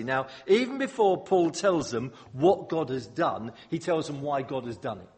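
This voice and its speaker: Man, preaching, animated with humorous asides, husky tone, long hall reverb. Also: a little high, normal speed, few pauses. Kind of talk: sermon.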